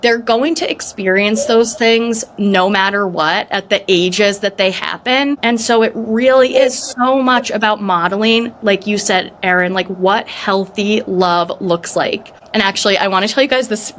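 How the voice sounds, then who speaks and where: A woman in her thirties hosts a casual podcast chat, telling stories with lively energy. Her voice sits in a middle register. A faint hiss runs under the recording. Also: medium pitch, measured pace, few pauses. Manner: animated storyteller, lively and chatty. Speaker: podcast host.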